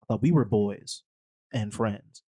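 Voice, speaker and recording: A man's voice: lowish voice, measured pace, warm tone, slightly rough. A man doing a slangy, laid-back young superhero sidekick. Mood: casual. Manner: slangy, casual.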